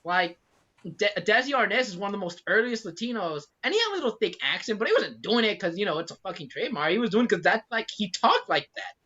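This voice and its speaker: A man co-hosting a casual podcast, animated and laughing often, swearing and filling gaps with "um" and "like". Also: sits high, fast. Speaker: podcast co-host. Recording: muffled lo-fi recording.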